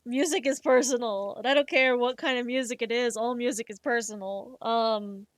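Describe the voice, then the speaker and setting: A woman streamer chatting casually while she makes art, swearing freely and retelling things in an animated, emotional way. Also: fairly high pitch, moderate pace, dry recording. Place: home streaming setup.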